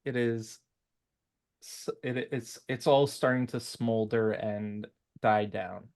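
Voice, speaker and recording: A man running a tabletop game as game master, narrating haltingly with many fillers and restarts. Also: mid-range voice, steady tone, darkish tone.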